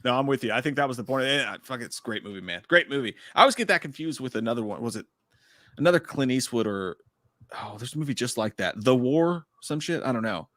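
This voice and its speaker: A man co-hosting a live movie stream, chatting quickly and enthusiastically with plenty of swearing. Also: medium pitch, expressive, fairly bright tone, dry recording, clean studio sound. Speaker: podcast co-host. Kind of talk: casual movie chat on a livestream.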